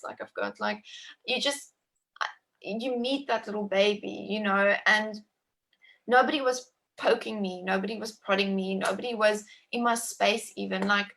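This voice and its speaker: This woman in her thirties recounts her personal birth experience at a measured pace, her mid-range voice emotive and lively. Her speech is full of "like" and frequent restarts.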